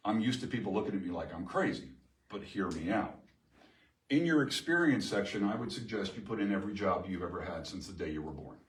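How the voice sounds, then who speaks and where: A middle-aged man presents a live seminar to an audience in a meeting room, lively and emphatic, often asking the room questions. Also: deep voice, a little fast. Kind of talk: live workshop talk to an audience. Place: chamber of commerce meeting room. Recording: echoey room from far off.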